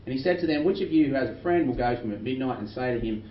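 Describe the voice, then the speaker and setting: A man's voice: mid-range voice, animated. Male pastor, earnest sermon delivery, miked from afar in a roomy church. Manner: earnest, reads scripture slowly with rising emphasis. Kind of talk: sermon with scripture reading. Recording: roomy distant dull recording with faint noise.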